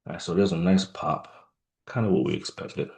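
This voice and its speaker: A man giving halting live trading commentary, musing aloud with many fillers and restarts, sounding tired. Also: sits low, creaky, a little mellow. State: yawning, tired. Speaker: trader.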